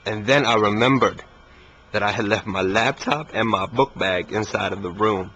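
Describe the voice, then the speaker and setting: Laid-back young man, low voice. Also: normal speed, a bit bright. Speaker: interviewee. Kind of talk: casual storytelling interview. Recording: muffled recording with faint hiss.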